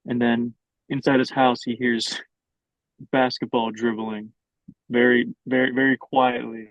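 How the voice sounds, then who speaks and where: A man's voice: mid-range voice, flat delivery, unhurried, dry recording, lo-fi sound. A young adult man improvising a story as co-host, narrating in a hesitant, filler-heavy way. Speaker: podcast co-host.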